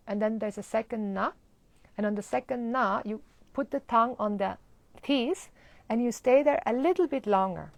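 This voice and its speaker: A woman teaching a live online Sanskrit chanting lesson, explaining pronunciation and then chanting words slowly. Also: medium pitch, creaky, no room sound.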